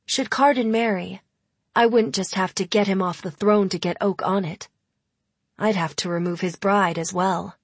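Slow breathy woman narrating a story. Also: mid-range voice, no room sound. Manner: measured, intimate storytelling. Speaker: audiobook narrator. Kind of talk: first-person audiobook narration.

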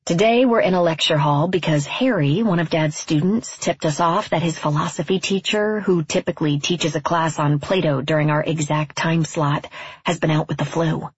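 A woman from California narrating a first-person story in a wry, deadpan, reflective way. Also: deep voice, moderate pace, slightly rough, no echo, highs cut off.

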